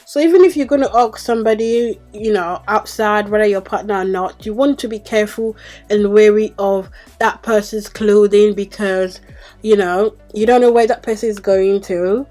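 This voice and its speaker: A woman's voice: mid-range voice, normal speed, a little mellow, faint music behind. A young adult woman telling a story to camera as a beauty vlogger in a casual, chatty and exasperated way, with many fillers.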